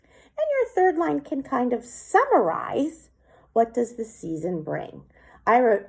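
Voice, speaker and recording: Slow, lively-voiced woman teaching children. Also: a little high. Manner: slow, clear, clapping out syllables. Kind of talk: classroom lesson for children.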